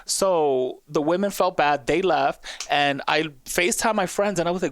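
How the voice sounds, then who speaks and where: A young adult man, a podcast guest, telling a story in an expressive, animated way, acting out the other people's lines and swearing freely. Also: fairly high pitch, moderate pace, few pauses, no echo. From United States. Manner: expressive, acts out quotes with swearing. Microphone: podcast studio mic.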